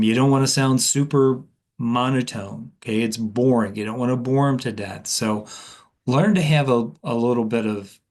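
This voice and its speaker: A man coaching telesales agents in a casual, conversational way, with lively inflection and frequent fillers. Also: mid-range voice. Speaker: sales trainer.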